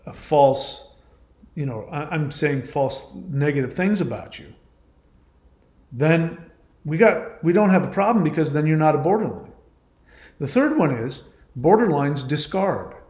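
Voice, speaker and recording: A man's voice: a little high, darkish tone. A man hosting a channel, delivering a monologue in reply to a viewer comment, emphatic and argumentative, repeating his points. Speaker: channel host. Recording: echoey room.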